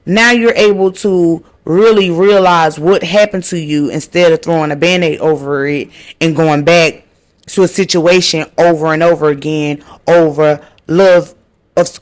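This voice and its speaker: A woman hosting a podcast, earnestly sharing her faith testimony, repeating phrases for emphasis and calling her listeners y'all. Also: low voice. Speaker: podcast host.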